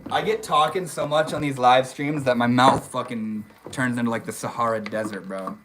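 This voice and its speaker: A man's voice: medium pitch, normal speed, fairly bright tone, a little hiss or hum, rough recording. Casting note: young male streamer, easygoing, talks to chat, drops dude and bro, recorded on a phone. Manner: laid-back, swears casually, says dude and bro a lot. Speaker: livestream host. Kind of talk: casual livestream chat reading comments. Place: outdoors in the desert.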